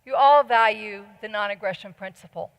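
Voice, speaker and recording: A woman's voice: mid-range voice, fairly quick, gravelly, smooth. A middle-aged woman giving an earnest, persuasive conference talk and questioning her audience. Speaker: conference speaker. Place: large conference hall. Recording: long hall reverb.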